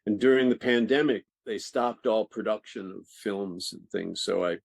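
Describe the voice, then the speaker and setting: Older male actor, low voice, lively raconteur, dry sound. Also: normal speed, gravelly, slightly rough, dry recording. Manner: animated, laughing, restarts sentences. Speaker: actor guest. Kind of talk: interview storytelling.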